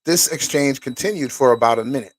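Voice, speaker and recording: A man's voice: mid-range voice, gravelly, husky, no room sound. A man hosting a show, reading documents aloud and stopping to react with casual, profane commentary. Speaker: host.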